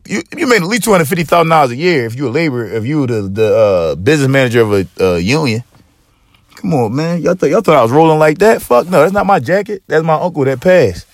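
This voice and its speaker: A man's voice: on the high side, animated, fairly quick, no room sound, clean studio sound. A man hosting a podcast in casual chat, swearing freely and rambling with many fillers and restarts. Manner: profane, rambling, lots of fillers and repeats. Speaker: podcast host.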